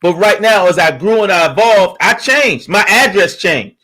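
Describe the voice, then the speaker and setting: A man's voice: sits high, lively intonation, normal speed, bright, forceful tone. A male host in a casual interview, laid-back and slangy, who stretches out his phrases.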